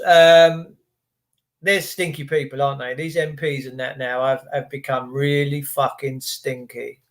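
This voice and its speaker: A man's voice: medium pitch, little pitch movement, unhurried. A man hosting a livestream, ranting indignantly and sarcastically and talking straight to his chat viewers. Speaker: livestream host.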